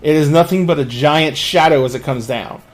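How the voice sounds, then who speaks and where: Game master, male, narrates scenes, a touch high in pitch. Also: normal speed. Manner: descriptive narration with frequent restarts.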